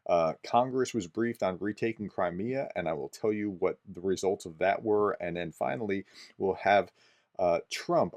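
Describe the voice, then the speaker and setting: Male professor type, lowish voice, chatty explainer with fillers, dry close-miked read. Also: a little mellow, dry recording. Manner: conversational, explanatory, frequent "uh" fillers and restarts. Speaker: professor explaining war news. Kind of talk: daily news commentary video.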